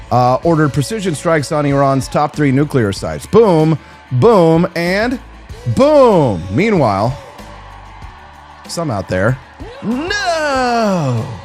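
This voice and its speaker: Animated sarcastic male talk show host. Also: a little high. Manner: sarcastic, mocking, swears freely. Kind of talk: opinionated talk show monologue.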